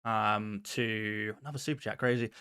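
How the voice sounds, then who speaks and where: A man hosting a casual live stream in a friendly, quick way, reading out viewer messages and answering each one. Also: fairly low pitch, fairly even intonation, sharp tone, clear, resonant tone, dry recording, studio quality. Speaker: host answering viewer questions.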